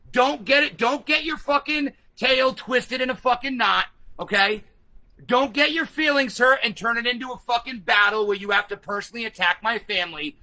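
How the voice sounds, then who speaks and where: High, bright-voiced profane ranting man. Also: poor audio. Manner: profane, combative, emphatic. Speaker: vlogger. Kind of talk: ranting vlog, reading comments.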